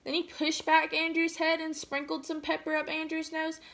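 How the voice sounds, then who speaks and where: A woman teacher reading a picture book aloud to children, pausing to ask gentle questions. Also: high-pitched, completely flat delivery, gravelly.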